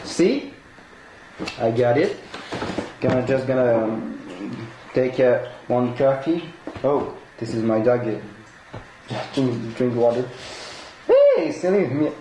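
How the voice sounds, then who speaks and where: Excitable man, non-native English, echoey room. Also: medium pitch, takes it slowly, pauses often. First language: not English. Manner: excitable, laughs often, broken English, swears. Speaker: collectibles unboxer. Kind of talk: unboxing vlog. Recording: echoey room with noisy background.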